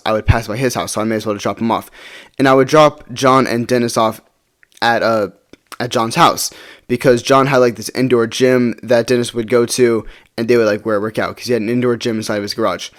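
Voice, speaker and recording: A young man casually telling a school story to his channel, rambling and tossing in "right?" often. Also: mid-range voice. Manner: rambling, repeats words and fillers like "right?".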